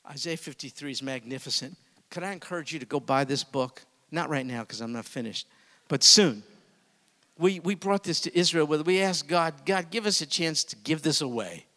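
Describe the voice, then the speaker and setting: A man preaching a sermon as pastor, swinging from hushed, intimate asides to booming emphasis. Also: big-room sound.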